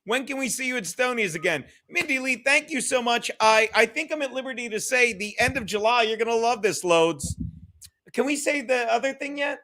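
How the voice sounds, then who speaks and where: A man's voice: very high-pitched, expressive, brisk, bright, forceful tone. A man hosting a casual livestream chat, loose and profane, reading viewer comments aloud. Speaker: livestream podcast host.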